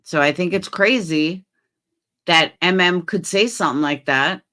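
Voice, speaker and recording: A woman hosting a casual stream reads her viewers' comments aloud and replies bluntly, swearing, while her voice shifts quickly from low mutters to loud outbursts.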